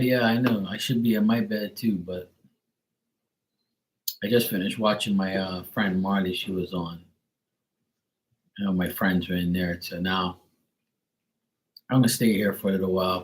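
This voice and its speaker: A man's voice: low-pitched, normal speed, long pauses, poor audio. A middle-aged man hosting a livestream, chatting casually and greeting viewers by name. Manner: relaxed, chatty, reads out viewers' names. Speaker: tarot reader on a livestream.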